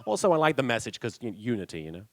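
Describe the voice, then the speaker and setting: Very animated and very fast, a young English man fields fan questions at a convention panel, chatting casually, laughing a lot, and restarting sentences. His voice is mid-range, with no room sound.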